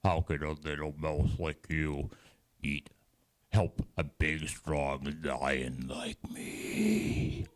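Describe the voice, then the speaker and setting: A man voicing a big, strong, proud lion in a storybook tale told to children, booming and playful. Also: steady tone, extremely slow, heavily acted. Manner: booming, laughing and mock-crying.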